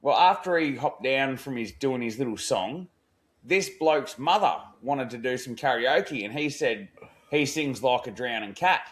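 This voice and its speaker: A man's voice: medium pitch, expressive, unhurried, fairly bright tone. Australian man telling a slangy yarn. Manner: swearing, slangy yarn-telling, acts out quotes. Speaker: podcast co-host. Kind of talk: casual storytelling chat.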